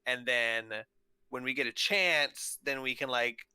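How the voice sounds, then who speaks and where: A man's voice: medium pitch, slow pace, bright, forceful tone, smooth, dry recording. A man playing a tabletop game who plans tactics and points out rules to the others. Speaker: player. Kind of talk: casual chat during a tabletop game.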